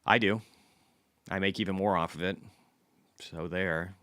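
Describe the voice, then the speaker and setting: A man's voice: low voice, fairly even intonation, unhurried, pushed and bright, clean tone, no room sound, studio quality. A man hosting a casual stock market livestream, blunt and chatty, reading economic data aloud and answering viewers' questions.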